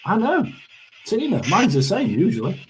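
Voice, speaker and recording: A man talks through a tarot and spirit box session in a loose, chatty way. He mutters asides and keeps clearing his throat. His voice sits fairly high and swings widely in pitch. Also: huge pitch swings, moderate pace, faint music behind. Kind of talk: casual live reading.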